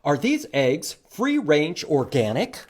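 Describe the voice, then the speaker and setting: A man voicing a grumpy, stern male bear in a picture-book reading, gruff and curt. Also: a little high, huge pitch swings, takes it slowly, full character voice. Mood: dry.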